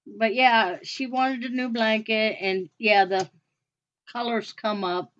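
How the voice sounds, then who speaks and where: A woman with a somewhat high voice chats casually as a co-host, often pausing, repeating herself and trailing off. The audio is dull and lo-fi, like a home-recorded podcast. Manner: relaxed, hesitant, trails off with fillers. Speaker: radio show co-host. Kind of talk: casual chat.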